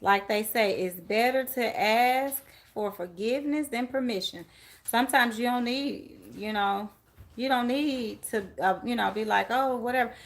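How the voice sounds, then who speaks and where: A woman's voice: a little high, unhurried. A woman giving a live-stream tarot reading, chatting with viewers and laughing often. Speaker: tarot reader.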